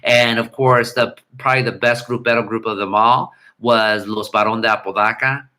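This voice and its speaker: Bright-voiced man rambling on a livestream. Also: mid-range voice, steady tone, normal speed. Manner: rambling, hums and scats melodies. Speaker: livestream host. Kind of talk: casual livestream chat reading comments. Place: home room.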